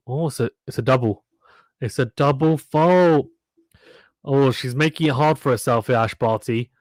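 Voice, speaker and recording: A man's voice: medium pitch, dry recording. A man hosting a live tennis watchalong, calling points casually and reading out viewer comments from the chat. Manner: chatty, reads out viewer comments between points. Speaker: livestream host doing tennis play-by-play.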